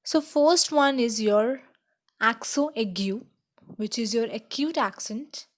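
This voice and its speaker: A woman teaching a slow beginner French lesson, checking in with "okay?" as she explains each point. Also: on the high side.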